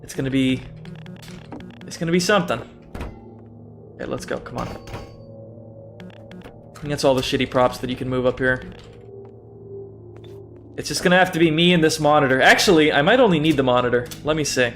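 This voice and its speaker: A man's voice: medium pitch, moderate pace, long pauses, a bit bright, faint music behind. A young man casually talking through a game on a livestream, chatty and self-mocking, swearing freely and laughing often. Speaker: streamer. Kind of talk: casual gaming livestream commentary.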